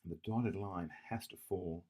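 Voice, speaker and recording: Deep-voiced math tutor man, thinking aloud. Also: normal speed, warm tone, husky. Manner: thinking aloud, self-correcting, frequent "yeah?" checks. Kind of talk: whiteboard exam walkthrough.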